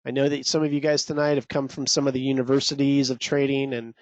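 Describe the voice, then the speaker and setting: A man's voice: medium pitch, level tone, quick pace, no room sound. A man coaching traders in a live webinar, talking straight to viewers in a salesy, pumped-up way. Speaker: trading coach presenting a webinar. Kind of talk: energetic live webinar teaching.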